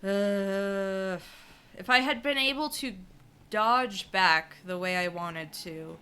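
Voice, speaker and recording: A young woman streamer commenting on her gameplay, frustrated and venting, apologizing for her yelling. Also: mid-range voice, slow pace, smooth.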